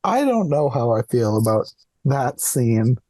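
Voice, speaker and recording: A man hosting a movie podcast, recapping scenes in a relaxed way with dry chuckles. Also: medium pitch, a little slow, no room sound. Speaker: podcast host.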